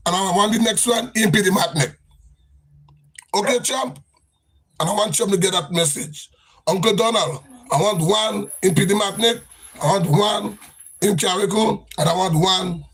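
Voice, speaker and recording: A Grenadian man hosting a livestream, delivering a fiery political rant. His voice sits high and sounds husky. He keeps circling back to the same phrases in a lilting, sing-song cadence. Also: fairly bright tone. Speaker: livestream host.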